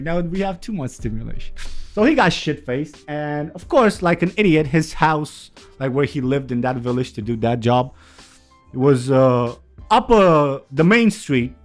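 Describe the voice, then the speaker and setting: Profane, animated man telling a story. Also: fairly high pitch. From Romania. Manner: profane, animated, laughs often. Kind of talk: casual storytelling.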